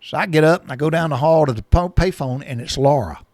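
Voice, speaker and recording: A man's voice: fairly high pitch, fast, darkish tone, no room sound, studio quality. A man in his sixties telling a personal story in a folksy, rambling way, often repeating himself.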